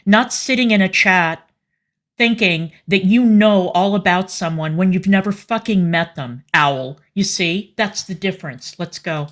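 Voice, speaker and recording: A woman's voice: mid-range voice, a little slow. A woman co-hosting a casual live stream, blunt and scolding, swearing freely. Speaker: co-host.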